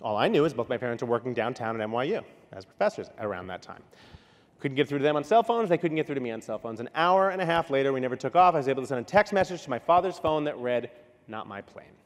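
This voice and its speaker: Animated man speaking in a large hall. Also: medium pitch. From New York. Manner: animated, storytelling with quick asides and acted-out quotes. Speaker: keynote speaker. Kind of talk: conference keynote talk. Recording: long hall reverb.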